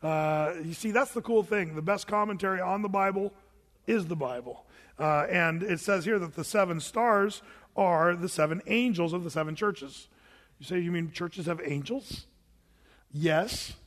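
A man's voice: high-pitched, normal speed, fairly bright tone, in a large hall. A male pastor preaching a sermon in a conversational way, often acting out imagined questions from his listeners.

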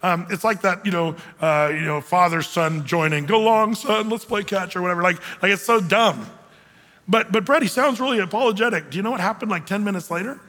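This pastor's sermon is casual and lively, and he performs the voices of those he quotes. He speaks fairly quickly in a high-pitched voice, recorded with the lengthy echo of a big hall.

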